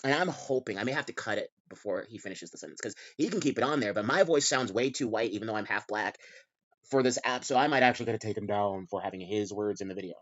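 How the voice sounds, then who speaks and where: A man's voice: fairly low pitch, fast talker, dry recording, dull audio. A man hosting a reaction commentary, talking in an exasperated way with many restarts and repeats. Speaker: commentary channel host.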